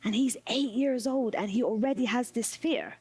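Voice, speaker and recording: A woman delivering a spoken word performance in a measured, rhythmic way, returning to repeated refrains. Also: a little high, a little mellow, husky. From United Kingdom.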